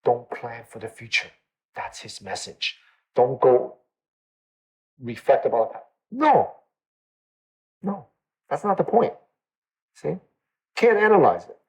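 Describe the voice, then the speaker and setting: A man's voice: medium pitch, expressive, slow pace, long pauses, darkish tone, slightly rough, soft background music, low-quality recording. A man teaching a meditation class in a conversational way, often checking in with his listeners and repeating phrases for emphasis. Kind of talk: dharma talk to a class.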